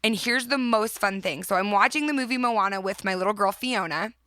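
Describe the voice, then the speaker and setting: Bright earnest woman podcast host. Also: medium pitch, fairly quick, no room sound. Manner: earnest, emphatic, often laughing. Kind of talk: motivational podcast talk.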